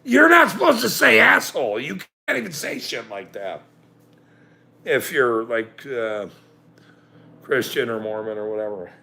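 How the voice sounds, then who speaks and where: A man's voice: medium pitch, sing-song, a little slow, gravelly, sharp tone. A middle-aged man hosting a livestream, ranting sarcastically and swearing freely as he talks to his chat. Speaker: livestream host.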